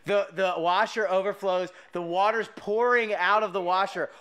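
A man with a high, bright voice hosts a podcast and tells a story in a loose, chatty way. He talks with animated energy and laughs often as he goes. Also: moderate pace, smooth. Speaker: podcast host. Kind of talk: casual storytelling chat.

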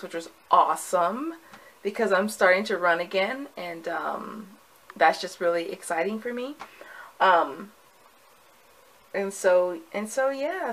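A woman's voice: mid-range voice, poor audio. A woman recording a casual video diary at home, chatty and rambling, with many fillers and restarts. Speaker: vlogger.

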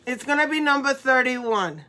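A woman's voice: high-pitched, animated, moderate pace, bright, forceful tone. A middle-aged woman hosting a live jewelry sale, tearful and laughing through her words, affectionately greeting viewers by name. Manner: affectionate, calls viewers mamacita. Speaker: live-stream jewelry seller. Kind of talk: emotional live-stream sales chat.

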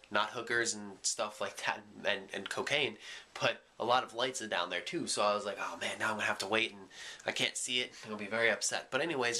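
Young guy rambling goofy in a vlog, bright tone, lots of filler words. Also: lowish voice. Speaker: vlogger.

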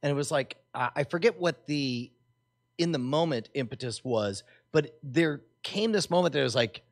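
A middle-aged man tells a long anecdote on a casual podcast. His voice sits a little high for a man, and he rambles, stopping and restarting often. His delivery stays loose and conversational throughout. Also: expressive, normal speed. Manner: rambling, hesitant, lots of fillers and restarts. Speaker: podcast co-host. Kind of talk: casual storytelling chat.

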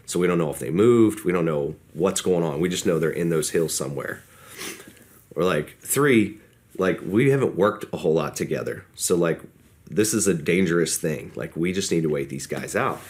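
A man's voice: low voice, moderate pace, darkish tone. A man telling a war story in an interview, casual and talkative, acting out what people said. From United States. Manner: casual storytelling, acts out quoted dialogue. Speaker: podcast guest.

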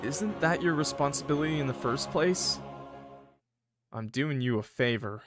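A man's voice: a little high, animated, moderate pace, a bit bright, faint music behind. A man voicing a smug, cocky male guardian angel, reading game dialogue in a playful, sly drawl. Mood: teasing.

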